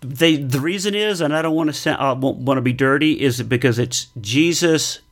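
A man's voice: mid-range voice, moderate pace. A man from the United States co-hosting a podcast, answering in a joking, playful way with puns. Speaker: podcast co-host. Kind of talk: casual chat.

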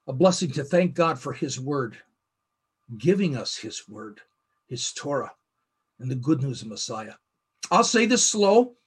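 A middle-aged man teaches a Bible lesson with a slightly husky, breathy voice. His pitch sits a little high for a man and rises and falls with lively movement. He slows down to lean on key words. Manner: earnest, with slow emphatic phrasing. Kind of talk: scripted teaching.

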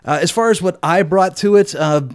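A man's voice: high voice, a little fast, smooth, no room sound. A man co-hosting a casual podcast chat, talking in an easygoing, enthusiastic way. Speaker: podcast co-host.

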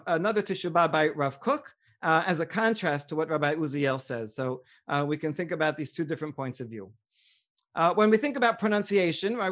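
A middle-aged man, a rabbi, lecturing on Jewish law, reading Hebrew sources aloud and explaining them in a measured way. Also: fairly high pitch, fairly bright tone. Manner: measured and explanatory, with frequent uh fillers.

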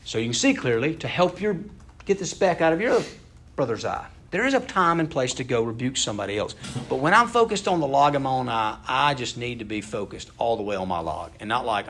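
A man's voice: mid-range voice, sing-song, a little fast, fairly bright tone, a little hiss or hum. A man preaching a conversational, earnest sermon, asking his listeners questions as he goes. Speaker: pastor.

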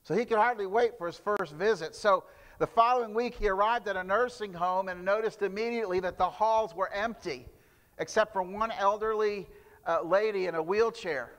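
A man's voice: sits high, moderate pace, a bit bright, big-room sound. A man preaching a sermon, telling stories with frequent restarts and fillers. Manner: storytelling with repeated restarts and fillers. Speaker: pastor.

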